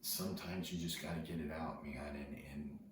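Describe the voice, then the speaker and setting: A man telling a personal story to his viewers in an earnest, casual way, often dropping to a hushed near-whisper and repeating words as he goes. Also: very deep voice, steady tone, moderate pace. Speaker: video host. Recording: very echoey, distant from the mic, noisy ambience.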